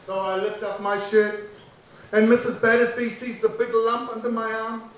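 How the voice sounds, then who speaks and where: A man performing a personal story aloud, dramatic and full of pauses, acting out the people in it. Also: high voice, flat delivery, a bit bright. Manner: dramatic, acts out voices and pauses. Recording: echoey room from far off with faint background noise.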